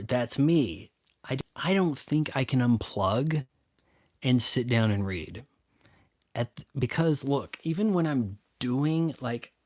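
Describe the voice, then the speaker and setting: A man's voice: mid-range voice, no room sound, studio quality. A man hosting a casual solo chat, rambling and stop-start with sarcastic asides. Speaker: youtube host. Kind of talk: casual solo chat answering viewer questions.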